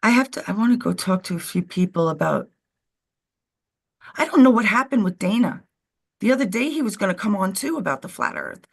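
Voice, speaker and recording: A woman's voice: mid-range voice, big pitch swings, fairly quick, creaky, breathy edge. A woman co-hosting a live stream, chatting casually and rambling while she calls her dog over. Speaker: co-host of a live show.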